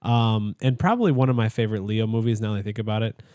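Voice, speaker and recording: A man's voice: fairly low pitch, steady tone, fast talker, darkish tone, dry recording. A young man co-hosting a podcast in a studio, telling a long story in casual chat, full of fillers and restarts. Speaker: podcast co-host.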